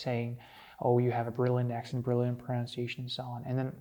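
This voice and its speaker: A man's voice: medium pitch, completely flat delivery, rapid-fire, warm tone. A man with an American accent co-hosting a casual podcast chat, talking earnestly with many fillers. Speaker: podcast co-host.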